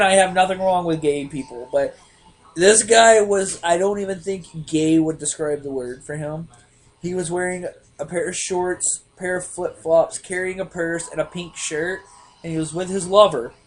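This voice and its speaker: A young man co-hosting a casual podcast, telling profane stories with lively put-on voices. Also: high voice, moderate pace. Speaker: podcast co-host. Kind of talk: casual chat.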